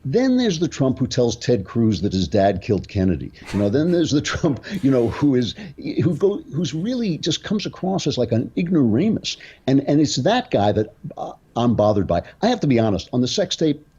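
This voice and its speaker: A man's voice: mid-range voice, very animated, moderate pace, mellow, breathy edge, dull audio. A man arguing as a debate guest, emphatic and impassioned. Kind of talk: political debate.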